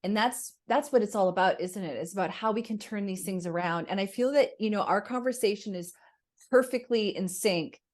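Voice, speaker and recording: A woman hosts a podcast, speaking briskly in a medium-pitched voice. She reflects conversationally and asks her guest questions, using plenty of fillers.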